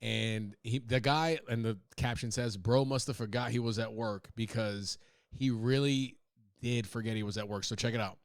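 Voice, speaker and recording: A man's voice: mid-range voice, fairly even intonation, normal speed, dry recording, clean studio sound. A man hosting a podcast, riffing in a loose, profane, joking way and laughing at his own bits. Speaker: podcast host. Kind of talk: casual comedic monologue.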